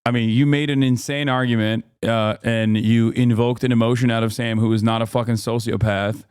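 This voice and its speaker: A man's voice: medium pitch, steady tone, fairly quick, a little mellow, smooth, no room sound, clean studio sound. A man giving casual live-stream commentary on a debate clip, swearing and sounding incredulous and sarcastic.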